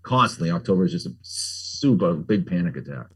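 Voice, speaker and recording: A man's voice: low voice, lively intonation, a little fast, breathy edge. A middle-aged man, a pumpkin carver, chatting casually as an interview guest, rambling with lots of fillers and jokes. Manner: rambling, frequent "like" fillers, jokey.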